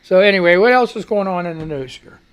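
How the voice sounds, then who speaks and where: A man's voice: high-pitched, fast talker, smooth. A man hosting a live talk show, rambling casually and reading news headlines with his own blunt commentary. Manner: animated, swears freely, chats to his cat. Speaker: radio show host.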